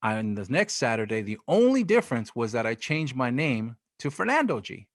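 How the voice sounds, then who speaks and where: A man's voice: mid-range voice, normal speed, no echo, clean studio sound. A man, a DJ guest, telling a story in a casual interview and acting out the lines of the people in it. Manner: animated, acts out quoted dialogue.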